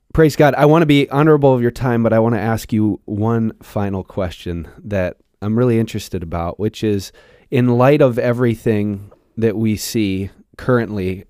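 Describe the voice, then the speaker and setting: A male host asks his question earnestly and quickly. His voice is on the low side. The sound is dry and close. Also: mellow, no room sound. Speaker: podcast host. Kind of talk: conversational interview.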